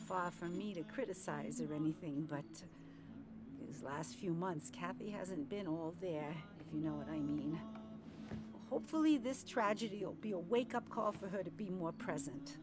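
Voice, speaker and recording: Older small-town cafe owner: motherly, chatty, a little nosy. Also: on the low side. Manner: gossipy, sweet, calls people dear and hun.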